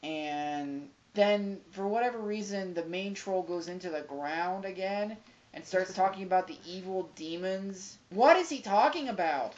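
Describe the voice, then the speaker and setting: Woman podcast co-host, sarcastic and foul-mouthed, mid-pitched, slightly muffled lo-fi audio. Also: measured pace, a little mellow. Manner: sarcastic, profane plot recapping with mocking asides. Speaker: podcast co-host reviewing a movie. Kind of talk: casual podcast chat. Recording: slightly dull lo-fi sound.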